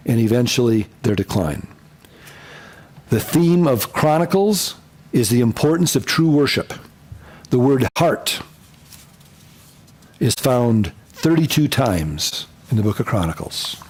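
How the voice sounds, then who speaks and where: A pastor teaching a Bible survey class, lively and repeating key points, sometimes acting out quotes in funny voices. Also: male voice, medium pitch, a little slow. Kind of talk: lecture.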